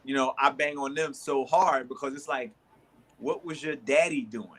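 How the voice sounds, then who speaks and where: A man's voice: mid-range voice, fairly even intonation, normal speed, fairly bright tone. A man, co-hosting a sports talk show and telling long stories with many restarts, acting out both sides of an argument. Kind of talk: animated storytelling in casual chat.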